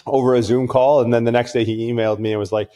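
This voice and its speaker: A man talking as a podcast guest, telling stories in a rambling, profane and animated way. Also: mid-range voice, quick pace. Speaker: podcast guest, performance coach. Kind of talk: casual podcast conversation.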